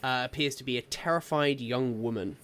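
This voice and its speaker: A man's voice: mid-range voice, brisk, noisy background. A man narrating a tabletop game as dungeon master, describing scenes with frequent fillers and hesitations.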